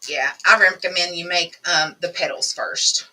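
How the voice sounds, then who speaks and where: A woman's voice: on the low side, moderate pace, pushed and bright, recorded from a distance, poor audio. A woman hosting a live crafting demonstration, chatting with viewers as she works. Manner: chatty, talks to viewers while working. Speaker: craft tutorial host.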